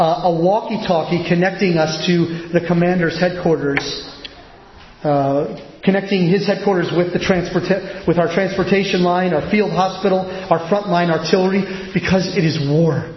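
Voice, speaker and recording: High-voiced man preaching in an echoey hall. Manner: animated preaching, rising and pressing with rhetorical questions. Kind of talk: sermon. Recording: echoey hall, dull lo-fi sound with faint noise.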